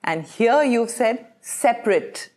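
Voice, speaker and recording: A young woman, teaching pronunciation to camera and saying each word slowly and clearly, over and over. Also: fairly high pitch, lively intonation, darkish tone. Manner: clear, deliberate modelling of words, repeating each one slowly. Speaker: English teacher.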